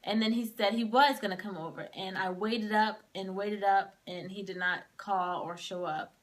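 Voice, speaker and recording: A woman's voice: mid-range voice, steady tone, moderate pace. A young woman casually telling a personal story to camera, filling her talk with "like" as she relives it. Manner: casual, heavy use of "like", emotional retelling.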